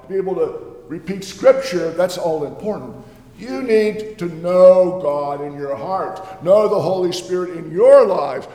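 A man's voice: high-pitched, darkish tone. A man playing a folksy old Reformation preacher. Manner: earnest, homely, with playful asides. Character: jovial ancient male Reformation preacher, earnest and folksy. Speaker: preacher in character. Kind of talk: first-person character sermon. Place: church sanctuary. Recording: echoey church hall.

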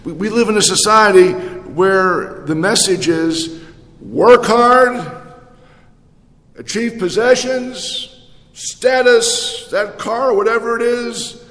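A man delivers a sermon from the pulpit, his voice a little higher than most, building through rhetorical questions and repeated phrases. The sound rings around a large room with a long, trailing reverb. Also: slow pace. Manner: animated, rhetorical questions and repetitions. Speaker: pastor. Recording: echoey hall with long reverb.

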